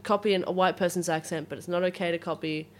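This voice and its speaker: A woman's voice: lowish voice, steady tone, fast. A woman in casual podcast chat, frank and joking, laughing often.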